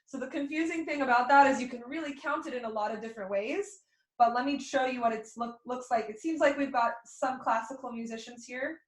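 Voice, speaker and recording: A woman's voice: high voice, brisk. A young adult woman teaching a fiddle class online, explaining rhythm and counting beats aloud in a friendly way. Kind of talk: online music lesson. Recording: echoey room.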